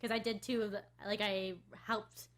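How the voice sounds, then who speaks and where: Bright-voiced chatty, teasing woman. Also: mid-range voice, level tone, moderate pace. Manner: chatty, teasing, laughs often. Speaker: podcast co-host. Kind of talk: casual chat.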